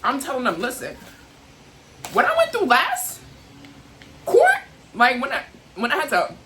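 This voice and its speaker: A woman's voice: sits high, huge pitch swings, measured pace, noisy background. A young adult woman venting to camera in an emotional, heated, rambling way, full of "like" and "you know what I'm saying". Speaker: vlogger.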